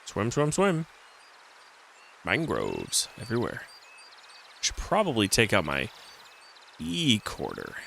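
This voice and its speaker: A man's voice: lowish voice, wildly swooping pitch, slow, creaky, long pauses, sharp tone, a little hiss or hum. A man streaming a retro game, chatting casually to himself and reading the in-game text aloud. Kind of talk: casual let's-play commentary.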